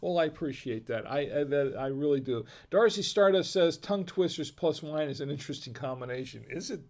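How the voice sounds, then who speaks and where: A tipsy man hosts a laid-back livestream while drinking wine, reading the chat aloud, rambling, and chuckling often. He speaks a little high, animated, and fairly quickly.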